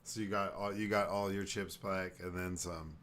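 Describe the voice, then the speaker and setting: Male podcast host, low voice, relaxed reactive chat, faint background hiss. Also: normal speed. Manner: laid-back, short reactions and easy remarks. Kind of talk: casual chat.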